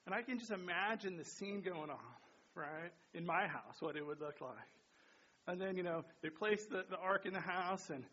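A man preaching a sermon in a high, bright voice with a husky edge. He talks in a chatty, casual way and keeps checking in with the congregation. The recording is dull and lo-fi. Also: moderate pace. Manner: chatty, lots of "right?" and "you know". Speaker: pastor. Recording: dull lo-fi sound.

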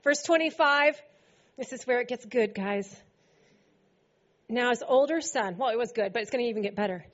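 A woman's voice: a little high, normal speed, dull audio. A woman preaching a sermon to a congregation, playful and laughing often as she acts out scripture quotes. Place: church service before a congregation.

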